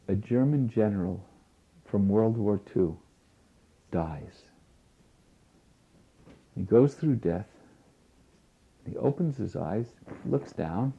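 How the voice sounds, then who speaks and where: A man with a gravelly voice gives a spiritual lecture, slow and deliberate, leaning on repeated phrases. The recording is thin and tinny, like a phone line. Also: fairly low pitch, expressive. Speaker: spiritual teacher.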